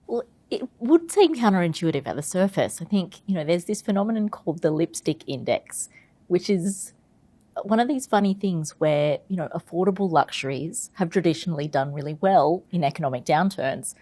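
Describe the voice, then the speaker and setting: A woman leading research at a fund manager, answering interview questions in a relaxed, explanatory way and often saying "you know". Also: on the low side, normal speed, dry recording. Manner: explanatory, frequent "you know" fillers and restarts. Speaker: investment research head and portfolio manager. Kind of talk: conversational expert interview.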